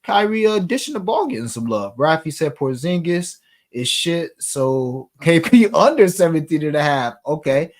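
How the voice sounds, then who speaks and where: A man's voice: a little high, big pitch swings, moderate pace. A man hosting a sports betting talk show, chatting casually in slang and reading viewer comments aloud.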